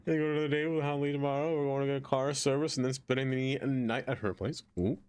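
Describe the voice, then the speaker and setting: A man's voice: medium pitch, steady tone, fast talker, darkish tone, clear, resonant tone. A young man from Brooklyn, rambling and joking as he reads chat on a casual gaming stream. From Brooklyn, New York.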